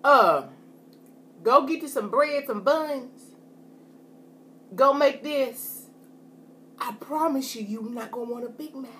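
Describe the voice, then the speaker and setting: A woman's voice: high-pitched, takes it slowly, pauses often, sharp tone, a little hiss or hum. A woman talking casually to her viewers while eating on camera, chatty and folksy, often saying "y'all". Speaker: food vlogger. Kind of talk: casual mukbang chat to camera.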